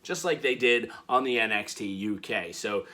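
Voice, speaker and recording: A man casually recapping a wrestling show, animated and playful, acting out the quotes he retells. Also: lowish voice, normal speed.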